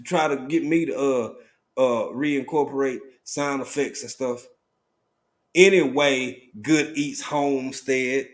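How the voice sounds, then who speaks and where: A man hosting a casual live stream, talking in a relaxed drawl and greeting viewers by name with sudden excited bursts. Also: medium pitch, slow.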